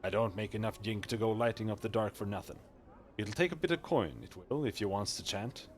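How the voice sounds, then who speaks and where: A man doing a gruff wary street collector. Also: on the low side, fairly quick, a little hiss or hum, natural voice. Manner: gruff, slangy and suspicious. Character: wary, greedy male street collector in hooded robes.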